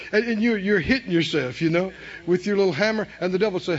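A man preaching a sermon, emphatic, dropping to a hush and then rising to shouts. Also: high-pitched, lively intonation, brisk, dull audio. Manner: emphatic, swinging from hushed to shouting, with laughs.

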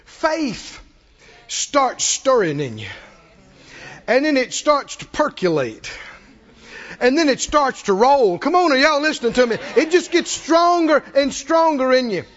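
A man preaching a sermon, telling a story dramatically, acting out the characters and swinging from shouts to near-murmurs. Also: very high voice, big pitch swings, dull audio. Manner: acts out the characters' lines in quick voices.

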